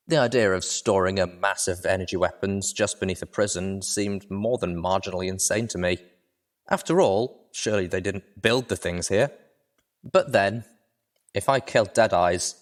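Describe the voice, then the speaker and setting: A man narrating a fan audiobook reading with steady storytelling. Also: deep voice, moderate pace.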